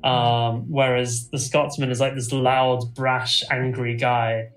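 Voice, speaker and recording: A man's voice: mid-range voice, flat delivery, slow pace, roomy sound, soft background music, low-quality recording. A man co-hosting a podcast in casual chat, enthusiastic and rambling with lots of fillers. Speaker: podcast co-host.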